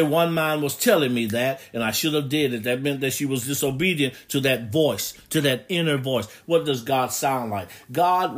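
A male preacher with a slightly high voice delivers a sermon. He reads old-fashioned scripture passages and preaches with emphatic rises and hushed, lower stretches. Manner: preaching with rising emphatic bursts and scripture readings in old English.

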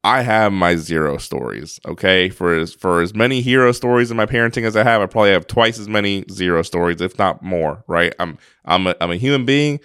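A man's voice: sits low, a little fast, hardly any pauses, a bit bright, smooth, no room sound, studio quality. A man co-hosting a podcast, telling a personal story in an earnest, casual way, often restarting his sentences. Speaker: podcast co-host.

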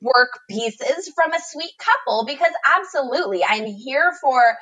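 A woman's voice: high-pitched, lively intonation, normal speed, fairly bright tone, husky. A woman in casual conversation, upbeat and chatty, offering friendly advice about spending, full of fillers. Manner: upbeat, chatty, calls people girl, lots of you know. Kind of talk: casual chat.

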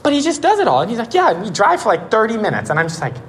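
A young man in his twenties giving a casual sermon and telling a story in a lively way, with many "like"s. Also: high voice, racing, slight background noise. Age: 20s. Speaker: preacher.

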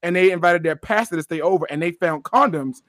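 Man, podcast co-host, casual chat, animated, slightly high voice, dry close mic. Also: a little fast, no room sound. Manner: animated, laughing, repeats words.

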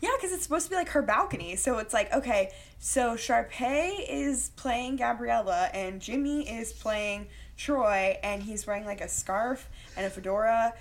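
A woman's voice: a little high, moderate pace, hardly any pauses. A young woman co-hosting a casual podcast, chatting animatedly about a movie and peppering her talk with "like.". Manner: chatty, animated, full of "like" fillers. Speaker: podcast co-host. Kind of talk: casual chat recapping a movie.

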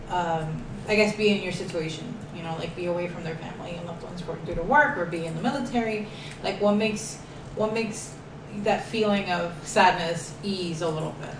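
A woman's voice: on the low side, noisy background. A woman hosting a casual podcast, chatty and giggly, with lots of fillers. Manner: giggly, filler-heavy, upbeat. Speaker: podcast host. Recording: roomy, distant mic with faint ambience.

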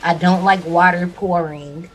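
Brief: young woman podcast co-host, lower pitch, casual and animated, faint music underneath. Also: a little slow, rough recording. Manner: animated, laughs often, uses y'all. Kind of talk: casual chat.

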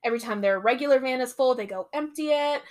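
Her voice sits high with a darkish tone, and she talks fast. This young podcast host casually runs through a novel's storyline, doing quoted voices and dropping plenty of swear words.

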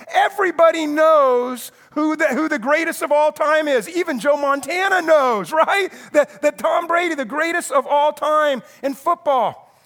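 High-voiced guy preaching, acts out the crowd, really animated storyteller. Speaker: pastor. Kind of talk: sermon.

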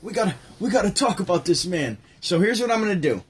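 A man hosts his own casual show, rambling about comedy with lots of restarts and side remarks. His voice is a bit high and husky. He talks loosely and informally, like a home recording. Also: big pitch swings, fast talker. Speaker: show host. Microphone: home setup near a window.

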